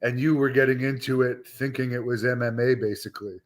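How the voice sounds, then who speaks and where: A man's voice: mid-range voice, steady tone, fairly quick. Male interviewer asking a question.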